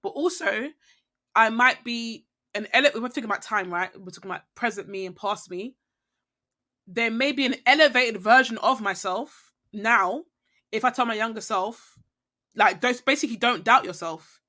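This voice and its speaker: Speaking at a normal speed, this podcast guest is a young woman whose high voice sounds pushed and bright. Her talk is a reflective, casual ramble, and she often checks in with whoever is listening.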